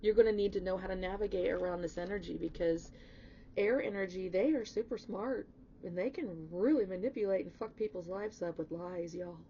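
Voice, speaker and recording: A woman's voice: mid-range voice, brisk, mellow, lo-fi sound, a little hiss or hum. Chatty woman giving a tarot reading. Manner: emphatic, chatty, swings into emotional outbursts; blunt, swears casually. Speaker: tarot reader. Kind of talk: casual spoken tarot reading.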